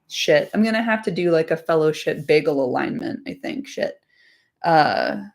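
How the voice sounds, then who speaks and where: A woman hosting a casual livestream chat, chatty and laughing often, with lots of "like" and casual swearing. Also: fairly low pitch. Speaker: podcast host.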